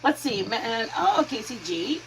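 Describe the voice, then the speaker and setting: On her casual live stream, a middle-aged woman from Michigan chats warmly, greets viewers by name, and uses a high baby voice with her dogs. She speaks at a moderate pace over slight background noise.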